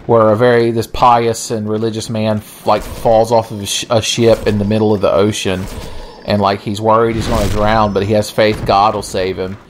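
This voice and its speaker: A man's voice: fairly low pitch, level tone, moderate pace, slight background noise. A young man giving sardonic, profane, rambling gameplay commentary. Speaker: let's play commentator.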